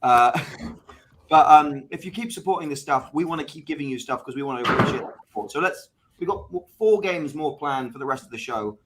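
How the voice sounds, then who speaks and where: A man's voice: fairly high pitch, animated, very noisy. A man co-hosting an online improv comedy livestream, talking upbeat and casually to viewers. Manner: quick, upbeat, thanks viewers.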